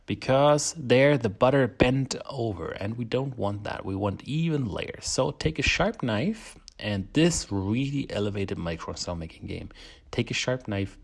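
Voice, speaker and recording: A man's voice: lowish voice, vocal fry, a little mellow. A man with a German accent, hosting a casual baking tutorial, chatty and self-deprecating, laughing often. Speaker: home baker, channel host.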